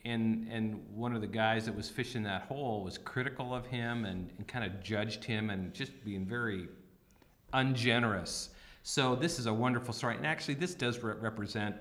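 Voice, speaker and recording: Bright-voiced male podcast co-host. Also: on the low side, normal speed. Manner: enthusiastic, promotional. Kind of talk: casual podcast chat.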